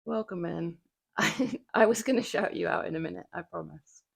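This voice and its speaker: A woman's voice: on the low side, moderate pace, gravelly, husky. A woman livestreaming from her home gym, chatting casually with viewers between lifts, laughing often and swearing now and then. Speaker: livestreamer working out.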